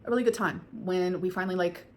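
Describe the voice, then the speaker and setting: Woman vlogger, 30s, fast and rambling with fillers, Q&A format, emotional undertone. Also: on the low side, slight background noise. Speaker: vlogger answering viewer questions. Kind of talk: casual Q&A vlog.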